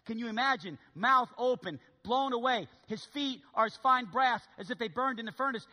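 Lively high-voiced male preacher. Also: normal speed, hardly any pauses, in a large hall. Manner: animated preaching, swinging from loud to hushed. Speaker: pastor. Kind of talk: sermon. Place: church sanctuary.

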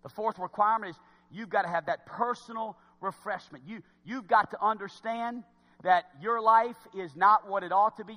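A man preaching a sermon in church, swinging from quiet asides to loud exhortation. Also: high voice, long reverb tail.

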